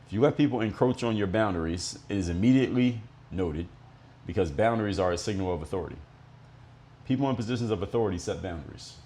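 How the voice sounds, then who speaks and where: Speaking fast and animatedly in a low, dark-toned voice, a middle-aged Miami man hosts a podcast alone, telling stories. He's blunt, profane, and explanatory, and there's slight background noise.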